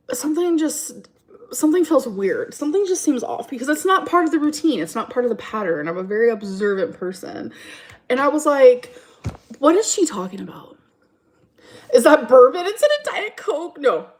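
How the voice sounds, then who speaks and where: A woman's voice: high voice, big pitch swings, normal speed, long pauses. A woman streaming from home, chatting casually and rambling through a story time while answering her chat.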